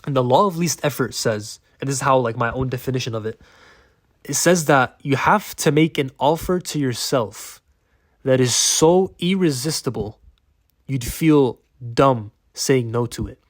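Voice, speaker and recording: A man's voice: mid-range voice, normal speed, no echo, clean studio sound. A man coaching on productivity in a casual talking-head video, blunt and emphatic with plenty of slang.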